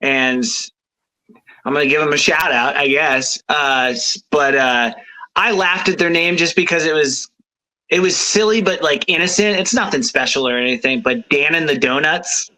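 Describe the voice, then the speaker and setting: A cheerful rock singer from New England chats with the hosts. His voice sits a little high and sounds bright and lively. He laughs often and keeps things loose. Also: normal speed, poor audio. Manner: laughs often, upbeat and chatty. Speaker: guest band frontman. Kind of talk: casual chat.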